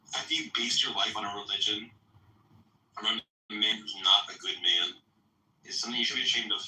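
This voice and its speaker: A man's voice: fairly low pitch, fairly even intonation, a little fast, sharp tone, reverberant, far from the mic, poor audio. A man arguing heatedly in a live-stream discussion, angry and profane with emphatic outbursts. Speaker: debate participant.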